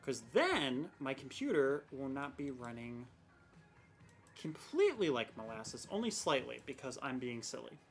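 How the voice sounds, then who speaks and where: Young woman streamer rambling about her laggy pc, self-mocking, super animated voice. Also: a bass voice, measured pace, soft background music. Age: young adult. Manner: rambling, self-mocking, exasperated at tech trouble. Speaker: game streamer. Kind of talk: casual live-stream chat.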